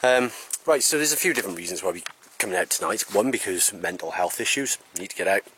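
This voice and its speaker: A man talks to his camera in the woods, puffing between sentences after a climb. His voice sits a little low, and he rambles along, chatty and self-mocking. Faint outdoor noise hangs behind him. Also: lively intonation, fast talker, fairly bright tone. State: out of breath. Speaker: camping vlogger. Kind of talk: casual vlog talk to camera. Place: outdoors in woodland.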